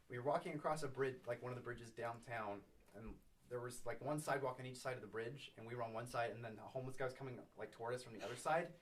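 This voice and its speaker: A young man telling funny stories in a casual chat with friends, laughing often and swearing freely. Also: mid-range voice. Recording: distant from the mic.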